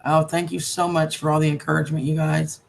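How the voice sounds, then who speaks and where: Gravelly woman chatting on a live stream. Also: deep voice, little pitch movement, quick pace. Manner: affectionate, calls viewers darling and sweetheart; chatty, emotional and heartfelt. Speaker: livestreamer. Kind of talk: casual live-stream chat.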